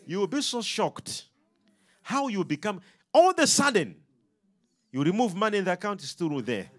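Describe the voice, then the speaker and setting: It's a lively sermon from a man whose voice is high-pitched and whose speed is normal, and he keeps engaging the congregation with call-and-response questions.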